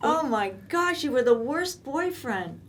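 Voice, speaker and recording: A woman in her seventies reminiscing in casual chat, telling lively stories and laughing often. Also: sits high, measured pace, crowd noise. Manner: animated storytelling, laughs often. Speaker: co-host.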